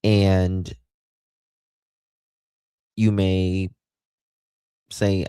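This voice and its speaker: A man's voice: low voice, lively intonation, slow, long pauses, warm tone, dry recording. A man with an Appalachian accent hosting a live stream, rambling casually and greeting chat viewers by name.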